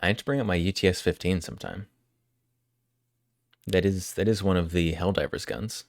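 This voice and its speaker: A man's voice: sits low, fairly even intonation, moderate pace, vocal fry, no room sound, studio quality. A man live-streaming, chatting casually and jokingly with his viewers as he answers their questions.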